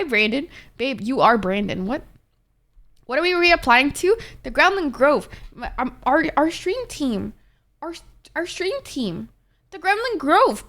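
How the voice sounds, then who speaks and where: A young woman on a livestream, talking with her chat in a loose, expressive way and cursing without a second thought. Her voice sits a little on the high side. She rambles and thanks viewers as she goes. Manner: chatty and expressive, swears freely, many fillers. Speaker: Twitch streamer.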